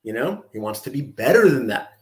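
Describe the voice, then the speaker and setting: A man hosting a reaction commentary, talking in a sarcastic, taunting, drawn-out way. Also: mid-range voice, big pitch swings, echoey room. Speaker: commentary host.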